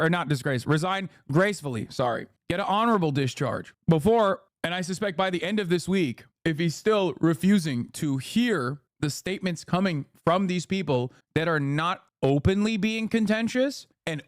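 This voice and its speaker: A man's voice: sits high, no room sound, clean studio sound. A man giving heated, profane political commentary while reacting on a live stream. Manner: heated, profane, emphatic ranting.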